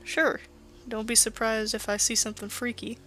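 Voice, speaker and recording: A woman's voice: fairly high pitch, flat delivery, normal speed, a bit bright, faint music behind, lightly acted. A woman reading as a wary male patient. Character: adult male patient taking an inkblot test.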